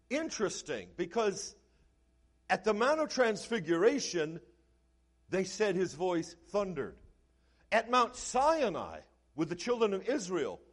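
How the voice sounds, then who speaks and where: A man preaching a sermon as pastor, swinging between quiet, low passages and loud, shouted lines.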